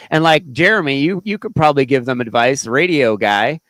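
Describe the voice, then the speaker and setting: A man's voice: mid-range voice, sing-song, normal speed, dry recording, poor audio. A man hosting a live podcast, talking casually and bluntly, ranting and swearing as he goes. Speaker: podcast host. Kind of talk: casual live-stream commentary.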